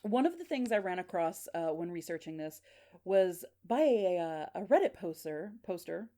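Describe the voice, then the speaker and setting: A woman's voice: fairly low pitch, big pitch swings, normal speed, dark tone. A woman podcast host casually retelling a paranormal story in a chatty way, with fillers.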